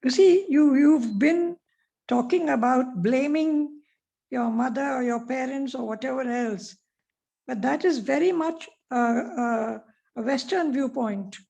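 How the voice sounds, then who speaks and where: A woman's voice: sits high, a little slow, vocal fry, dark tone, rough recording. A woman from India, a student speaking hesitantly with many fillers. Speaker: student asking questions.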